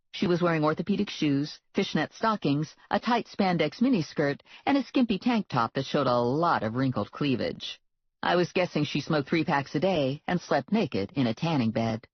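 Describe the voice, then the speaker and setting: Narrator reading a funny novel, wry and deadpan, husky voice, lively pitch, dry dull audio. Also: dry recording. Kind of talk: first-person novel reading.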